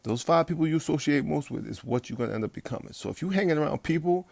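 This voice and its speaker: A fitness coach talking bluntly and profanely from home at night, rambling with restarts and turning loud and heated as he rants. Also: a little high, lively intonation, fast, vocal fry, dry recording. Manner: gets loud and heated when ranting. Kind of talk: late-night livestream pep talk.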